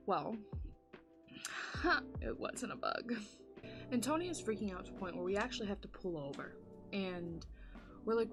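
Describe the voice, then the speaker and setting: A woman's voice: mid-range voice, expressive, moderate pace, pauses often, over music. A woman vlogger telling a spooky story in casual chat while doing her makeup, full of "like" fillers and dramatic retelling.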